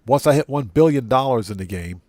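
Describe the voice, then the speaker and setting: While streaming a game, a man chats easily with viewers, calling them by name and often going back to repeat or fix what he said. His mid-range voice is a little mellow, fairly quick and lively in intonation, captured in a dry recording.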